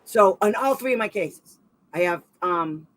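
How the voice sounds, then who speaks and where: This woman, speaking at a medium pitch, runs a livestream on special education advocacy. Her talk is loose and lively, wandering from point to point with fast bits of sarcasm, and the recording quality is low.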